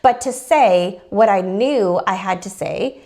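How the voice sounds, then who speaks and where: A woman's voice: medium pitch, takes it slowly. A woman telling a personal story in a candid podcast chat, acting out the quotes as she goes. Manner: animated storytelling, acts out quotes.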